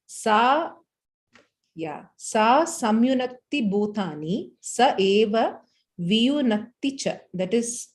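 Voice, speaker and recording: A woman with an Indian English accent leading a scripture study group, telling a story in a halting way with many restarts. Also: medium pitch, a little mellow. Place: home study group, Bangalore.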